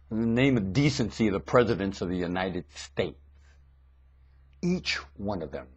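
Gravelly, husky man on a webcam rant: wildly swinging pitch, shouts then mutters. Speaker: vlogger. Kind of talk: ranting monologue to webcam. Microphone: webcam mic.

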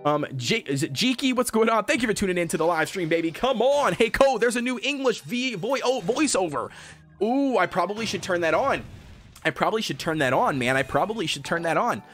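High, hyped-up male game streamer. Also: a little fast, faint music behind. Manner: hyped, excitable, cheering at the game. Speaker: gaming livestreamer. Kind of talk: live gameplay commentary.

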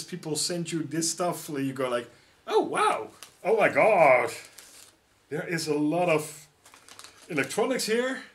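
A middle-aged man with a Dutch accent unboxing gifts in a casual vlog, exclaiming often with excitement. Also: on the high side. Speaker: YouTuber.

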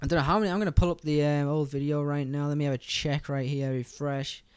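Fast-talking young British man, clear voice. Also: fairly high pitch, steady tone, dry recording. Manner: fast, rambling, chatty, addresses viewers directly. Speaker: gaming YouTuber. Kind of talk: gameplay commentary.

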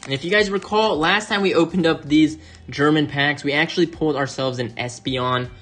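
A man's voice: mid-range voice, fairly bright tone. Man, casual unboxing host, chatty, gushing exclamations, faint music behind. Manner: chatty, addresses viewers as "you guys". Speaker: card-opening channel host.

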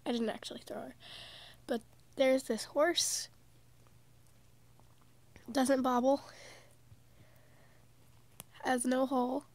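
A woman's voice: high-pitched, flat delivery, slow pace, long pauses, no echo. A teenage girl with a congested, sick voice, casually chatting through a toy unboxing vlog. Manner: chatty, giggly, amused. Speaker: vlogger.

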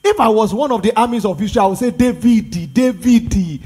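A man's voice: high voice, expressive, very fast, a little mellow, husky. A Nigerian pastor, a man, preaching a sermon with emphatic repetition and rhetorical questions.

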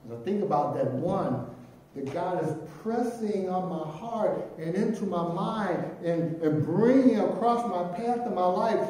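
A middle-aged pastor preaching a sermon, swinging between loud emphatic lines and near-whispered ones. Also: male voice, high voice. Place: church sanctuary. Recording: very echoey church room from a distance.

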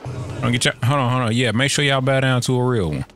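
A man's voice: medium pitch, quick pace, fairly bright tone, faint music behind. A man giving loose, profane gameplay commentary, full of slang and playful trash talk aimed at the screen. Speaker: let's play gamer.

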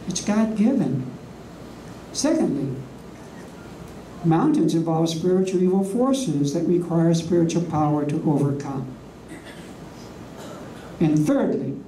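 A preacher teaches from slides, landing key words slowly and emphatically and asking the room rhetorical questions. The tone is mellow and dark. The voice is caught from a distance in an echoey room, with a faint hum underneath. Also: medium pitch. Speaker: preacher teaching a ministry class. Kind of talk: sermon with slides.

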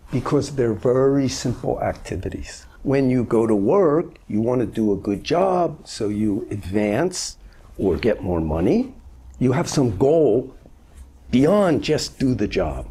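A man in his seventies speaks as a Zen master, telling stories in a relaxed, gently humorous way. His voice is a little husky, and his pitch moves in a lively way through each phrase. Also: measured pace. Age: 70s. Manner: conversational, gently humorous storytelling. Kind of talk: informal dharma talk answering a question.

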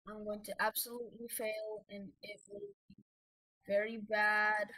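A woman's voice: medium pitch, level tone, measured pace, bright, forceful tone, poor audio. A woman giving rambling, self-mocking commentary while playing a game, easily flustered. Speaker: gamer. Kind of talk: gameplay commentary.

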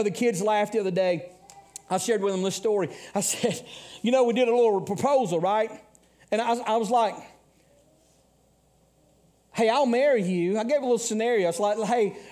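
Man, Southern US accent, forties, pastor, sermon, high voice, hushed to loud. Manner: preaching with big swings from hushed to loud.

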